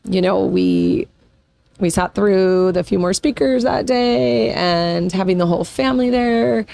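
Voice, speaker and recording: Emotional, gravelly-voiced woman host. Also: mid-range voice, a little slow, warm tone, no echo. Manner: emotional, close to tears, rambling with fillers. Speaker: podcast host. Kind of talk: casual personal storytelling.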